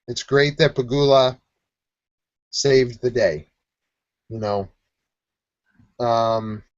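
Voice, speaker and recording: A man's voice: medium pitch, dry recording, lo-fi sound. A man from Buffalo co-hosting a sports podcast, telling stories in casual chat and acting out quotes as he goes. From Buffalo, New York. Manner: rambling, animated storytelling with quoted voices.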